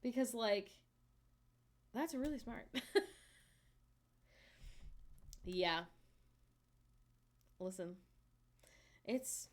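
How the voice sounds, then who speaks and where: A woman's voice: on the high side, expressive, drawn-out words, pauses often. Chatty woman streamer talking with chat. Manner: chatty, laughs often, reads and answers chat. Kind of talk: casual chat with viewers.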